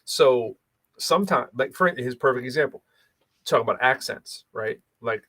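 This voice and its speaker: A man from Boston with a light Boston accent, co-hosting a podcast in casual chat, telling rambling, animated stories full of restarts. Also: mid-range voice, moderate pace, dry recording. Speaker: podcast co-host.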